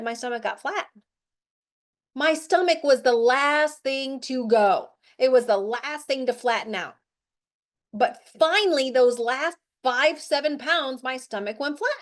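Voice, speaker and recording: A middle-aged woman hosting a weight-loss show, giving an animated, chatty motivational talk to her group. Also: high voice. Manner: animated, chatty, with lots of "like" and "right?".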